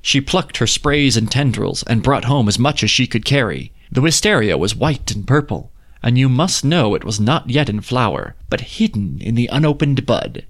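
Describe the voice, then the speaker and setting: A man reading an old fairy tale aloud in a measured, lyrical storybook manner. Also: medium pitch, expressive. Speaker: narrator.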